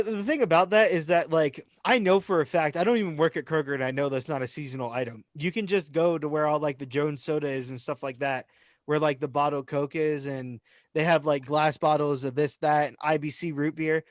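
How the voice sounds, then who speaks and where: Young male co-host, higher voice, dry close sound; animated storyteller who laughs a lot. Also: no room sound. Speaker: podcast co-host. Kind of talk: casual chat.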